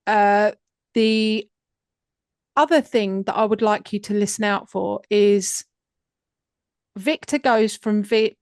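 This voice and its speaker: A woman narrates a true crime podcast at an unhurried pace, chatty and full of fillers. Her voice sits close to the mic with a dry, dead sound. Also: mid-range voice, dry recording. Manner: unhurried, conversational, with many fillers. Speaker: podcast host.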